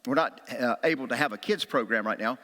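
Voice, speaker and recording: A man's voice: medium pitch, brisk. A middle-aged man preaching a sermon as a pastor, telling stories and acting out quotes with a raised voice or a whisper. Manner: animated storytelling, acts out quotes with a raised voice or a whisper. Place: church sanctuary. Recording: long hall reverb.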